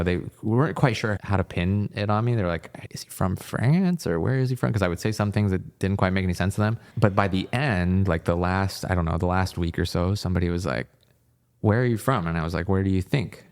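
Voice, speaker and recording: A man's voice: low-pitched, smooth. A man in his thirties from Virginia, a former hockey coach, telling stories as a podcast guest and acting out the people he quotes. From Virginia, United States. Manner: lively storyteller who acts out quoted people. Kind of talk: casual interview storytelling.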